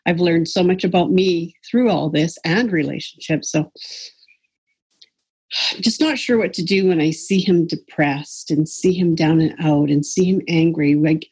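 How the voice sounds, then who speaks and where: A woman's voice: lowish voice, a little slow, darkish tone, breathy edge. A middle-aged woman sharing personal experiences on a group call, hesitant with frequent ums and self-deprecating.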